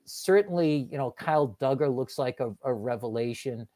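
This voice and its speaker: A man's voice: medium pitch, moderate pace, warm tone. A man talking as a guest on a casual sports podcast, rambling and restarting as he breaks down football players. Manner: rambling, self-correcting football talk.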